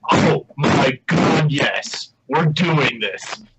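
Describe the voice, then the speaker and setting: A man's voice: medium pitch, lively intonation, very slow. A man playing a tabletop game, brash and joking in casual banter. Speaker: player. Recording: dull lo-fi audio with faint hiss.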